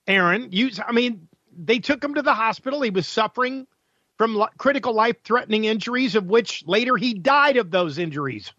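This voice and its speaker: A man's voice: high-pitched, animated, fairly quick, pushed and bright, dry recording, highs cut off. A male talk radio host delivering an opinionated, combative monologue full of sarcasm and rhetorical questions.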